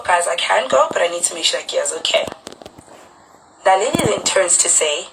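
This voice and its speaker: A woman on a live stream recounting a conflict, telling it animatedly and acting out quotes with sudden pitch jumps. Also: lively intonation, normal speed, creaky, background noise. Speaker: reality show cast member on a live stream.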